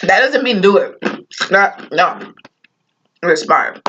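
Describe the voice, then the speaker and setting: A woman's voice: lowish voice, sing-song, slow, a bit bright, dull audio, slight background noise. A woman reacting to a video, chatting casually and musing aloud while she eats. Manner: laid-back, musing, talks with food in mouth.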